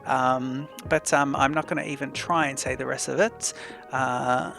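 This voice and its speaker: A man hosting a let's play, thinking aloud in a chatty, unhurried way as he plans his moves. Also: mid-range voice, fairly even intonation, vocal fry, fairly bright tone, faint music behind. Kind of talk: casual gameplay commentary.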